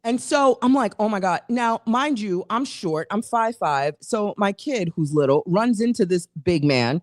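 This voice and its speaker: With a mid-range voice and an unhurried pace, a woman co-host rambles through a long story on a casual talk show. She's animated, keeps restarting, and adds asides, all in a dry, studio-quality recording.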